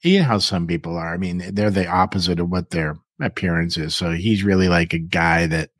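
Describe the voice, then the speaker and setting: A man's voice: low voice, fairly quick, fairly bright tone, dry recording. Man, live show host, teasing, laughing, dry close sound. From San Diego. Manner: joking, teasing, laughs often. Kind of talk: casual live show chat.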